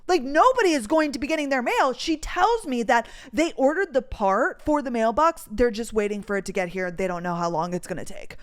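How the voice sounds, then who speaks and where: Young woman, slightly high voice, casual storytelling rant, exasperated, profane, lots of "like", voice memo. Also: animated, brisk, few pauses. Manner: exasperated, swears freely, heavy use of "like". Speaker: podcast host. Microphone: voice memo recording.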